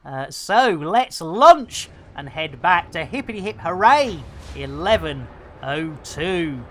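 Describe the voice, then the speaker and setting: A man's voice: a little high, very animated, slow, a little hiss or hum. A man giving playful, theatrical commentary on a live game stream. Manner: jokey, theatrical, lots of pet phrases.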